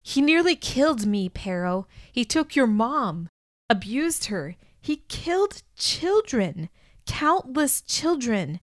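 Picture a young man consumed by rage and grief, brought to life by a woman reading aloud. He accuses and pleads in slow, heavy words, his voice tight with anger. The recording is dry and close, with no room sound. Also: fairly high pitch, very animated, no echo. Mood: anguished. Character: furious, anguished young man seeking revenge.

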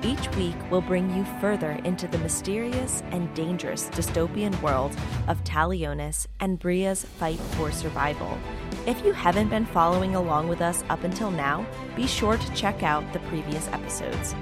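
Woman narrating an audiobook, lowish voice. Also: moderate pace, over loud music. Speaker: audiobook narrator and podcast host.

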